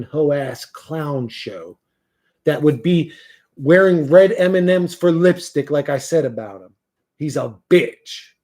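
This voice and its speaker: Man, livestream host, dark mellow voice, blunt, foul-mouthed, rambling casual chat. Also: mid-range voice, husky. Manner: profane, blunt, rambling with restarts.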